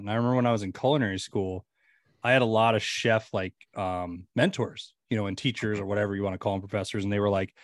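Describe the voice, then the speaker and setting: A man guest on a podcast, chatting casually as an animated storyteller with lots of fillers. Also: lowish voice, fast, dry recording, studio quality.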